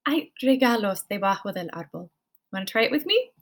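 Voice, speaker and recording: A woman's voice: high-pitched, animated, fairly quick. A woman in her thirties teaching a children's language lesson, cheerfully prompting listeners to repeat after her. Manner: encouraging, sing-song prompts to repeat. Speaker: Spanish teacher.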